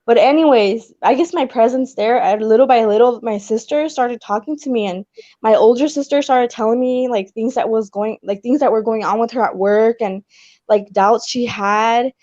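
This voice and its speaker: A young woman telling her personal story on a video call, rambling with lots of "like" and quick apologies. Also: fairly high pitch, warm tone, no echo, highs cut off. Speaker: guest sharing her story.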